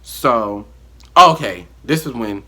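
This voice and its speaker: A man telling a casual storytime on his vlog, animated and acting out the quotes. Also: medium pitch, takes it slowly. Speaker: vlogger.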